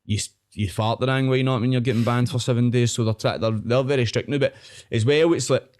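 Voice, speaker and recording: A man's voice: mid-range voice, fairly even intonation, fast talker, a little mellow. A young Scottish man, a podcast guest, rambling in casual chat and often tagging his sentences with "know what I mean".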